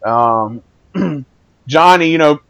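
A man's voice: a little high, lively intonation, extremely slow, fairly bright tone, clean tone, no room sound. A man hosting a casual chat, hesitant and repeating words as he asks his guests questions.

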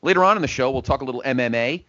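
A man's voice: mid-range voice, rapid-fire, sharp tone, dry recording. A man hosting a sports talk show in a casual, joking, rambling style. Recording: dull, lo-fi podcast audio.

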